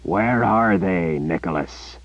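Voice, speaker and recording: A man reading an audiobook, voicing a menacing male emperor who speaks through a young soldier, deep and gravelly, slow and threatening. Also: highs cut off.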